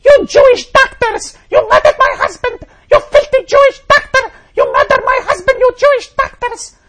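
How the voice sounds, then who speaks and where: A man mockingly voicing a hysterical grieving widow in a shrill falsetto scream. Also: expressive, normal speed, a bit bright. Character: shrieking hysterical grieving widow, female adult.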